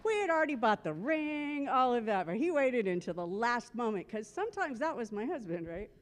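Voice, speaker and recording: Widow at a memorial service, somewhat high voice, humorous storyteller who plays out remembered dialogue. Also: female voice, big pitch swings, a little fast. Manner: humorous, acts out remembered conversations. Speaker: widow giving a eulogy.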